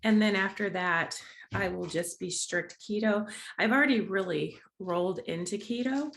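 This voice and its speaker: A woman's voice: mid-range voice, normal speed, creaky, a bit bright, a little hiss or hum. A woman hosting her own diet challenge vlog, talking casually to camera in a chatty, bubbly way, laughing often and restarting her sentences. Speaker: vlogger, host of a diet challenge series.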